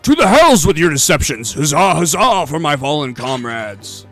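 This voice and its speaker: A man voicing a boastful, gruff male pirate captain in a video game playthrough. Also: mid-range voice, moderate pace, bright, forceful tone, soft background music, natural voice. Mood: defiant. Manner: gruff, puffed-up and defiant.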